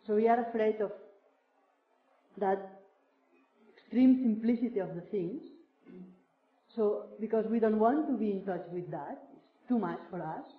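Slow, searching woman in a roomy space. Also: medium pitch. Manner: slow, searching, many fillers like "like". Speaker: speaker sharing a teacher's words with a group. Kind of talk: reflective spiritual talk. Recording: roomy, dull lo-fi sound.

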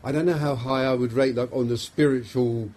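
Brisk and steady, with a medium pitch and a slightly mellow quality, a middle-aged man with a London accent addresses a small group. He's a psychiatrist, and his talk is informal and self-deprecating, riddled with fillers and restarts.

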